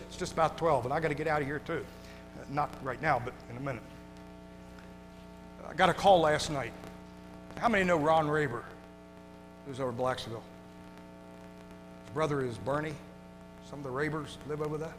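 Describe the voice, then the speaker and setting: A male pastor preaching a sermon to his congregation, moving from hushed, tender passages to loud shouting. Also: fairly high pitch, moderate pace, pauses often. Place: church sanctuary. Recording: long hall reverb with music behind.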